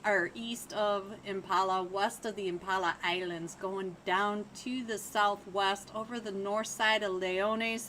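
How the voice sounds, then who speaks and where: A woman, a little hoarse, casting a live esports match in a chatty, playful way, laughing often and talking straight to her chat. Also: medium pitch, fairly bright tone, slight background noise. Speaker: esports caster and streamer. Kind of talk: live game commentary.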